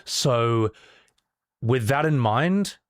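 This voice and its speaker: A man's voice: medium pitch, lively intonation, very slow, dry recording, clean studio sound. A man streaming a game and voicing its characters, chatting casually, rambling, swearing freely and joking at his own expense. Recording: loud game music behind.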